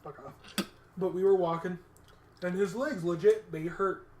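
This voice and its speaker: A man co-hosting a podcast, telling a story in a casual, animated and profane way. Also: sits high, measured pace, roomy sound, a little hiss or hum. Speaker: podcast co-host.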